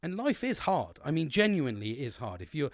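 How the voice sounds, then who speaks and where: A man's voice: fairly high pitch, wildly swooping pitch, fairly quick, no echo, studio quality. Sweary, rambling man. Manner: rambling and sweary, with many restarts. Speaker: podcast host. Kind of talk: casual solo monologue.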